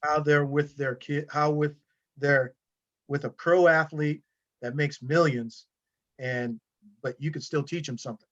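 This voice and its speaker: Man, wrestling coach, podcast guest, rambling casual storytelling, fillers and restarts, somewhat high pitch, dull lo-fi sound. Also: steady tone, measured pace, a bit bright.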